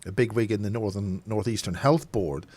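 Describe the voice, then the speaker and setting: A man's voice: fairly low pitch, moderate pace, darkish tone, dry recording. A man from Northern Ireland with a Northern Irish accent, interviewing a guest in a jokey, interjecting way. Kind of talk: conversational interview.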